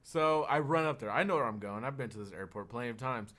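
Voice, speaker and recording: Man, podcast co-host, animated storytelling, frequent swearing, bright tone. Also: medium pitch, fast. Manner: animated, laughing, swearing a lot. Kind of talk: casual storytelling chat.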